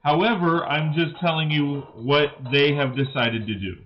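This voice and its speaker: A man quoting a curt female clerk on the phone in a flat, dismissive, formal tone. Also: a little high, moderate pace, highs cut off, natural voice.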